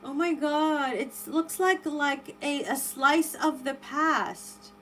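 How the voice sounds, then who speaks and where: A woman's voice: sits high, slow pace, fairly bright tone, a little hiss or hum, low-quality recording. A woman running a live tarot stream, chatting with viewers and reacting with lots of exclamations and rambling restarts. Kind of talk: live stream chat reading viewer comments.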